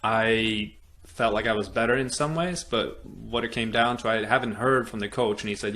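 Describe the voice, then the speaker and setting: Low-voiced European man telling a story. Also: brisk. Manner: animated storyteller, acts out quoted dialogue, many fillers. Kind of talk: storytelling in casual conversation.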